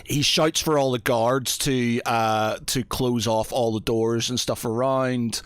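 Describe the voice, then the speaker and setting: Male game master, hesitant, slow, dry sound. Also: medium pitch, steady tone, fairly bright tone, smooth, no room sound, soft background music. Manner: hesitant, many fillers. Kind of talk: narrating a tabletop game.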